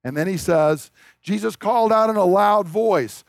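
Male pastor, high voice, dry close sound, conversational sermon with emphatic peaks. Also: normal speed, dry recording. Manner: conversational preaching, rising to emphatic declarations.

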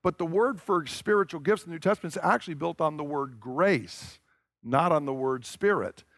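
A man from the American South preaching a sermon, stressing and repeating his key points and slowing down to drive them home. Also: fairly high pitch, a bit bright, no room sound. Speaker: pastor.

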